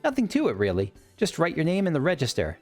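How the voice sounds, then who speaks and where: A man voicing a brisk, motherly woman who runs an adventurers' guild in a video game, breezy and teasing. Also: on the high side, wildly swooping pitch, faint music behind, pitched above the performer's own voice. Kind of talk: reading game dialogue aloud.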